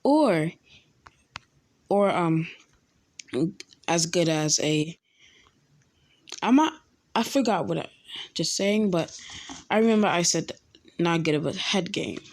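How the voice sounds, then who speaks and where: A young woman casually telling a fan-made story, halting often with ums and restarts. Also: lowish voice, expressive, darkish tone.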